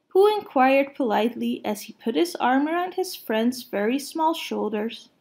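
A woman reading a children's storybook aloud in a gentle, unhurried way. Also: high voice, expressive, gravelly.

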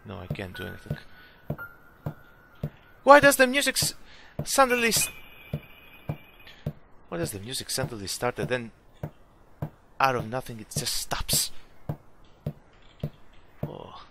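A young man playing a horror game, talking to himself, swearing and yelling as jump scares hit. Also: medium pitch, sing-song, measured pace, vocal fry, long pauses, noisy background. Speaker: gaming YouTuber. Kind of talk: horror game let's play commentary.

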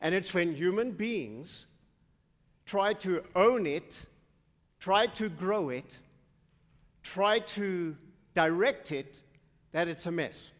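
Male pastor, slow deliberate delivery, slightly high voice, church reverb. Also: animated. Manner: slow, emphatic preaching with call-and-response questions. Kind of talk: sermon. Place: church sanctuary. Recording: long church hall reverb.

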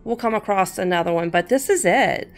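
A woman's voice: medium pitch, expressive, fairly quick. A woman, chatting fondly as she shows off her shopping haul and talks to her cat. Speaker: crafting channel host. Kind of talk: casual haul show-and-tell.

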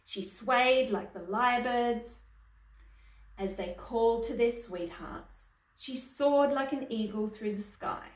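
Slow woman reading a picture book. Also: fairly high pitch. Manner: asks the young listener questions. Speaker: storyteller. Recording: echoey room, distant mic.

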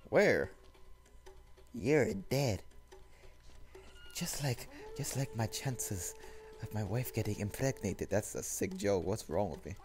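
A young man talks over his own gameplay in a low voice that swings up and down a lot. He swears and cracks jokes to himself as he plays. Game music plays clearly behind him. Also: expressive, takes it slowly, pauses often. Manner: casual, swearing, joking to himself. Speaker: gameplay commentator. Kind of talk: let's play commentary.

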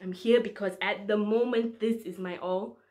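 Speaking at normal speed in a mid-range voice, a medical student in her twenties preaches during a recorded online church service. She tells her testimony earnestly and emotionally, bringing her quoted prayers to life as she acts them out with feeling.

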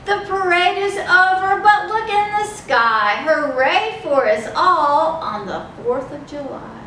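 A woman leading a children's storytime, reading aloud in a slow, sing-song, expressive way. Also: very high-pitched, slight background noise. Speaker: children's librarian. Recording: echoey room, mic far off.

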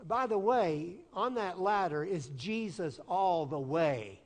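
A pastor with a Southern US accent, preaching an earnest, folksy sermon and telling personal stories with self-deprecating humor. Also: male voice, high voice, animated, slow. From Southern United States. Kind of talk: storytelling sermon. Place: church sanctuary. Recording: long church-hall reverb.

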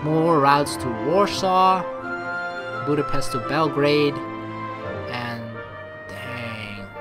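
A woman's voice: rumbling low, very slow, loud music behind the voice. A woman doing a casual let's play commentary, reading game text aloud and joking and swearing as she goes. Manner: chatty, swears and laughs at own jokes.

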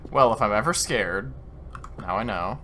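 A young man chatting casually while playing a game, excitable, swearing and laughing often. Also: on the low side, moderate pace, slight background noise. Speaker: gaming streamer. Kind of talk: casual gameplay chat. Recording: keyboard clicks and typing behind.

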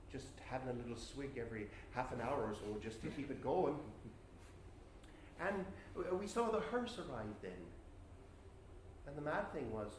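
Young guy acting as a chatty countryman spinning a ghost yarn, lively pitch, echoey stage. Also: slight background noise, natural voice. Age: young adult. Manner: rambling, chatty storytelling with nervous laughs. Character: rural Irish man telling a ghost story. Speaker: actor in a college play. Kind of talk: stage monologue. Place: theatre stage, live performance.

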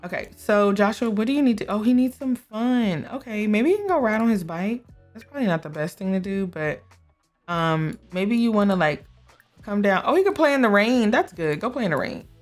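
A woman's voice: medium pitch, expressive, brisk. A young woman keeps up a chatty commentary as she plays, coaxing her characters along and laughing easily. Her voice sits in a middle range, with light game music faintly under it. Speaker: gameplay streamer. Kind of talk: casual gameplay commentary.

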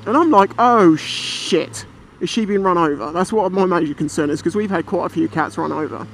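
A British man vlogging from a motorbike, telling a story in a chatty, animated way and swearing freely. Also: high voice, moderate pace, creaky. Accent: British English. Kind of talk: casual storytelling while riding. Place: on a motorbike outdoors. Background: traffic and engine noise.

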